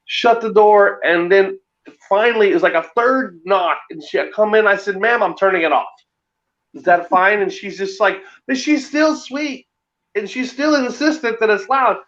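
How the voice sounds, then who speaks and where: A man telling a ghost story in a casual, animated way, laughing often. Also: high voice, moderate pace, dull audio. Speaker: guest.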